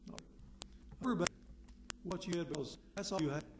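A man preaching a sermon in a conversational way, asking rhetorical questions and suddenly getting loud for emphasis. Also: high-pitched, a little fast, background noise. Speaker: pastor. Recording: echoey hall with long reverb.

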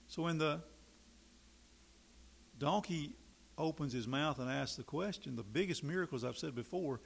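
A man preaching a sermon, emphatic, rising loud and high for key points and dropping to quiet asides. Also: creaky, slight background noise.

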